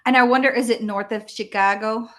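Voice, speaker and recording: A woman from Texas, a real estate agent chatting casually, rambling with halting restarts and easy laughter. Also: fairly high pitch, steady tone, a bit bright. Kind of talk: casual chat.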